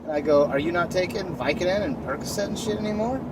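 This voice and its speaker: A man rambling through a story as a character in a low-budget indie film. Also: fast talker. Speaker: filmmaker. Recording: distant mic with loud background noise.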